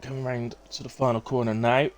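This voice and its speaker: A man's voice: medium pitch, fairly quick, a little hiss or hum. Chatty West Country man commentating a race. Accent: West Country English. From England. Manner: chatty, relaxed, with frequent fillers and self-corrections. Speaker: sim racing commentator and streamer. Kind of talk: live stream race commentary with chat reading.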